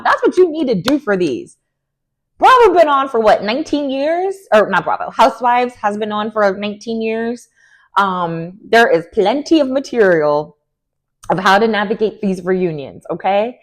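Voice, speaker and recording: A young woman with a sassy, animated manner, giving an opinionated recap of a reality TV show. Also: mid-range voice, moderate pace. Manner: animated, sassy, lots of "like" and "girl". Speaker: recap vlogger.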